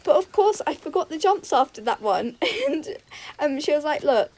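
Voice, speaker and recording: A woman's voice: sits high, sing-song, normal speed, a little mellow, low-quality recording. A young woman telling gaming stories in a chatty, giggly way, full of "like" and "um". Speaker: gaming YouTuber. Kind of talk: casual storytelling over gameplay.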